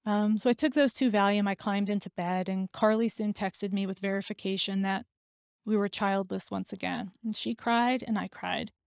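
Podcast host, woman, mid pitch, emotional and candid personal storytelling, dry. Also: fairly even intonation, moderate pace, creaky, smooth, dry recording.

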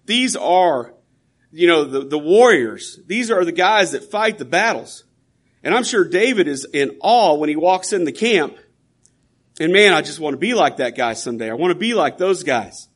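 A man's voice: a little high, animated, normal speed, a bit bright. A man preaching a sermon in an earnest, emphatic, conversational way, often restarting his sentences.

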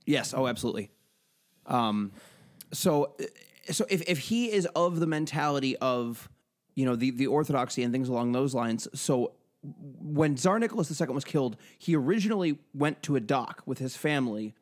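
A man's voice: mid-range voice, animated, moderate pace. A man co-hosting a podcast in casual chat, profane and joking, rambling with many restarts. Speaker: podcast co-host.

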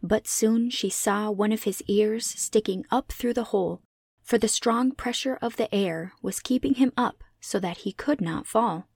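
Female narrator for a classic children's book, steady and clear, dry close recording. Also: medium pitch, dry recording. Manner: measured, clear read-aloud delivery. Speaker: audiobook reader. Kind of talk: scripted storybook narration.

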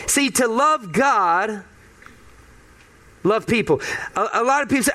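A man's voice: sits high, lively intonation, normal speed, fairly bright tone. A male pastor giving a conversational sermon, emphatic and fond of repeating key phrases.

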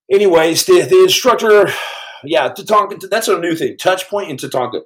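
A man telling a story on his podcast in a casual, animated way, stumbling over restarts and acting out the quotes. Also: high-pitched, normal speed, poor audio.

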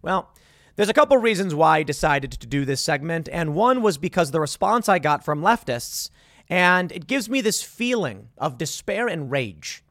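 A man's voice: a little high, big pitch swings, normal speed, fairly bright tone, no echo, clean studio sound. A man in his thirties hosting a commentary show, talking in a sarcastic, exasperated, rambling way with frequent restarts. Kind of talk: opinion commentary monologue.

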